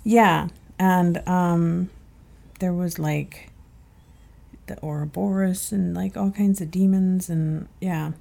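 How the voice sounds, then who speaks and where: A woman's voice: lowish voice, fairly even intonation, slow, vocal fry, dark tone. A young woman co-hosting a podcast in casual chat, chatty and often trailing off while she searches for names. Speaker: podcast co-host.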